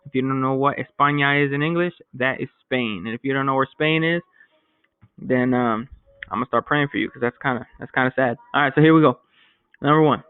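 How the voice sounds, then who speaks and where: A man's voice: medium pitch, brisk, clear, resonant tone, no echo. Casual man teaching a Spanish class. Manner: casual, joking, explains step by step. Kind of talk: recorded remote language lesson. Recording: dry, phone-like lo-fi sound.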